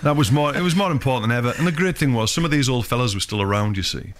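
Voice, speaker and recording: A filmmaker guest with a medium-pitched voice tells long, rambling anecdotes at a racing pace in casual conversation, restarting himself often.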